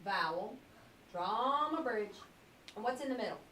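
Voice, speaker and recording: A woman's voice: fairly high pitch, expressive, unhurried, fairly bright tone. A woman teacher leading a phonics lesson, asking patient questions and stretching out words as she models them. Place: classroom. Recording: echoey classroom from a distance with faint hiss.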